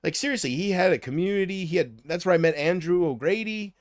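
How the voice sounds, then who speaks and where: A man's voice: high-pitched, fast, dry recording, clean studio sound. A man chatting casually on a livestream, rambling from thought to thought and often trailing off.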